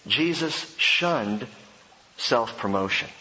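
A male pastor preaching a sermon with passion, swinging between loud emphasis and slow hushed lines. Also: mid-range voice, expressive. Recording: dull sound with long church reverb.

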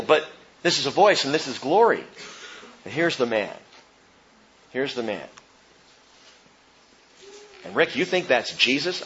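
Animated preaching man, lo-fi sound. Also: high voice. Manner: animated, rhetorical questions, reading scripture aloud. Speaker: pastor. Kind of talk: sermon.

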